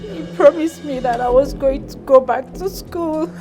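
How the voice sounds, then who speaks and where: An actress playing a grieving young woman, lamenting her dead boss in a slow, sorrowful way. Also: sits high, over music. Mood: mournful. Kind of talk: film acting.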